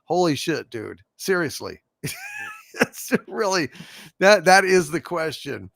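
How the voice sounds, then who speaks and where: A male host in casual livestream chat, reading viewer messages aloud and answering them bluntly, with plenty of swearing and jokes. His voice sits a little high and is gravelly, and his pitch swings widely. The sound is dry and close. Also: very animated, slow pace, long pauses, fairly bright tone, no echo. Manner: blunt, profane and joking.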